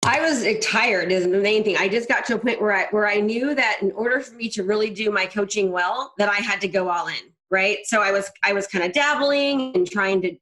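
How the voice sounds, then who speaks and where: A woman guest, a real estate business coach, tells stories candidly and animatedly in a mid-range voice, a little fast with few pauses. In this frank storytelling interview she often quotes herself and others in voices.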